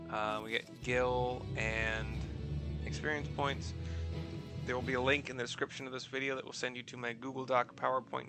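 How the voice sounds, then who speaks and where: A man's voice: medium pitch, gravelly. A man narrating his gameplay in a chatty, rambling, self-deprecating way. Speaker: gaming channel host.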